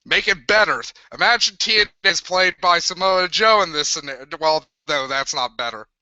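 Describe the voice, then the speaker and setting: A young man hosting a live wrestling review, swearing constantly and ranting with loud, crude sarcasm. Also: a little high, moderate pace, clear, resonant tone, dry recording. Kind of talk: profane live review rant. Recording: dull lo-fi sound.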